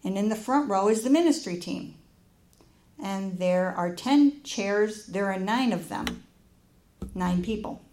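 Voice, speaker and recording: A woman preaching in a church, telling a personal story with lively acted-out dialogue. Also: medium pitch. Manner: animated storytelling, acts out dialogue.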